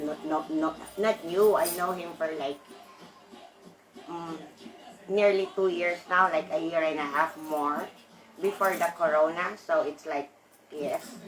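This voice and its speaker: A sleepy woman vlogger chatting casually to her viewers in a low voice, taking her time over every word. She rambles and restarts, breaks into laughs, and coughs now and then as she keeps her volume down. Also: poor audio. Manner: keeping her voice deliberately low. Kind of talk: casual chat to viewers while smoking.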